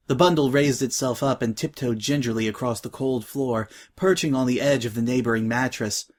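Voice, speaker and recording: A man's voice: mid-range voice, fairly even intonation, normal speed, few pauses. Man reading a story aloud. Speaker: reader. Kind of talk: dramatic reading of fan fiction.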